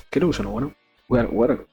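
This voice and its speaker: A man's voice: mid-range voice, a little mellow, slightly rough. Laughing male streamer. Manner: laughing, swearing, joking asides. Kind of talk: casual reading stream with commentary.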